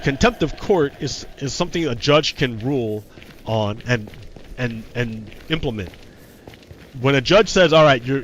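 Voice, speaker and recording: A man's voice: medium pitch, a little hiss or hum. A man talking casually on a livestream, heated and profane, often repeating himself. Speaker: streamer.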